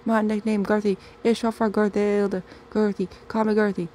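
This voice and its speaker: A woman voicing a brash, lovesick country woman, loud and insistent. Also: medium pitch, little pitch movement, moderate pace, a little hiss or hum, close to an everyday voice. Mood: indignant.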